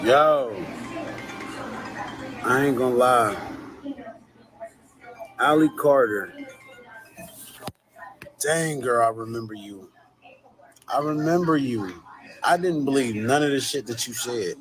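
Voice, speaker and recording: A man's voice: mid-range voice, animated, slow, long pauses, fairly bright tone, soft background music, rough recording. Man, casual direct address, blunt, incredulous, repeats himself.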